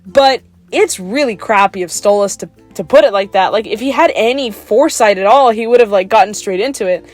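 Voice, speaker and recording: A woman's voice: mid-range voice, a little fast, few pauses, soft background music. Rambling young woman ranting casually. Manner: rambling, full of fillers and restarts; exasperated, laughs at herself. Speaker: video creator. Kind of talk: unscripted rant about a cartoon episode.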